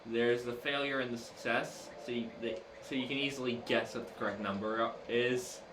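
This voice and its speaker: A man's voice: medium pitch, steady tone, moderate pace. A man casually chatting and explaining the game while playing with a friend, in a dry, matter-of-fact way. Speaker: gamer co-commentating. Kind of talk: casual let's-play chat. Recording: echoey, distant mic, noisy background.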